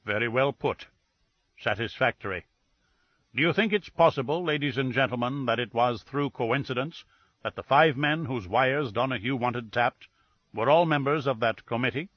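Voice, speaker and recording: A man voicing an imperious older male detective who speaks in a measured, formal and precise way. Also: medium pitch, no room sound, highs cut off, close to an everyday voice. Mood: formal, deliberate.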